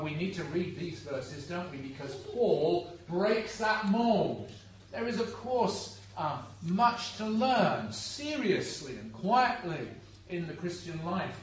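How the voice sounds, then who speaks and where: An older man preaching a sermon in church. He talks to the congregation directly, in an earnest, conversational way. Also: high-pitched. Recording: echoey room, distant mic, faint background hum.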